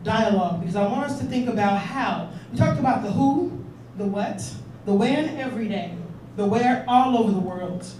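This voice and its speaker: A woman's voice: fairly high pitch, animated, normal speed, a little mellow, a little hiss or hum. Woman speaking in an echoey hall. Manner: earnest, urging, asks the audience questions. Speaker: conference speaker. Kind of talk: public speech to an audience. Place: conference hall. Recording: echoey hall, distant mic.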